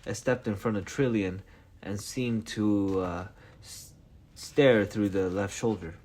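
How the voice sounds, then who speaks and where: A man's voice: on the low side, steady tone, takes it slowly, darkish tone. A man reading a novel aloud as narration, with small stumbles and restarts. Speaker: reader. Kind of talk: read-aloud book narration.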